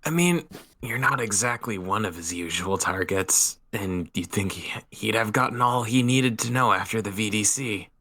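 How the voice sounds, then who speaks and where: A woman's voice: a bass voice, moderate pace, a bit bright. A woman voicing a blunt teenage male student in a fan-fiction read-through, in an offhand tone.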